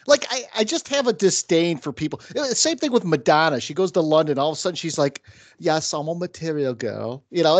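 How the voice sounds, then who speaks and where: Middle-aged upstate New York man, lively ranting podcast host, dry close sound. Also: sits high, dry recording. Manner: ranting, mimics fans in sudden bursts. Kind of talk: casual sports chat.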